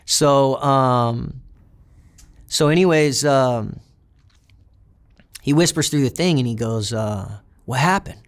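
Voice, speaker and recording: Young man, interview guest, casual reflective storyteller, mid-pitched. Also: takes it slowly, pauses often. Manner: casual, reflective retelling with acted quotes of other inmates.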